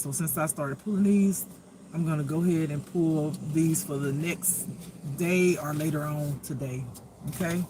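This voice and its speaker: A spiritual intuitive reader chatting casually, praying and pulling cards in a slow, drawn-out, prayerful way. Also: medium pitch, background noise. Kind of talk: casual chat and card reading.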